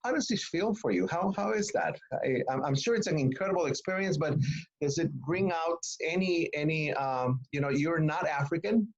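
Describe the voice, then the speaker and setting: A man's voice: fairly high pitch, normal speed, muffled recording. A man from Guatemala interviewing a guest, hesitant and searching for his words, often restarting. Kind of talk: conversational interview.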